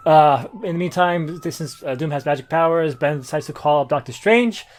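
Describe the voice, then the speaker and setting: A man talking through a comic plot on a podcast, his voice sitting a little on the high side. He hesitates often, filling gaps with small sounds as he goes. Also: brisk, slight background noise. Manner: recaps plot with many fillers. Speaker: podcast co-host. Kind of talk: casual comic book discussion.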